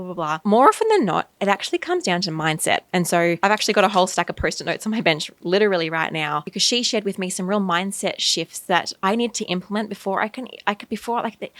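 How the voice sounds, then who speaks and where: Woman, australian accent, thirties, quick energetic podcast host, encouraging, dry close recording. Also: mid-range voice, dry recording. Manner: energetic, emphatic, encouraging coach. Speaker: podcast host, graphic designer. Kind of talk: casual solo podcast talk.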